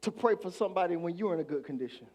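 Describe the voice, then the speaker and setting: A man preaching a sermon as pastor, calling on the congregation to answer back and swinging from hushed lines to shouts. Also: high voice, animated, very fast.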